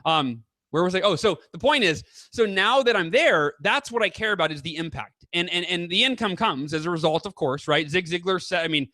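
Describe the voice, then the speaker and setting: A man in his thirties, a guest author chatting casually in an interview, telling stories with lively quoted voices. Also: high-pitched, normal speed, no echo. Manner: animated storyteller, acts out quoted voices.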